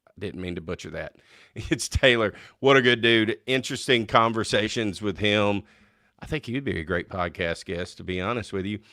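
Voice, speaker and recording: A man from North Louisiana with a North Louisiana accent, hosting a casual chat show in an excitable, chatty way with frequent laughs. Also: on the low side, normal speed, no echo, clean studio sound. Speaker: host.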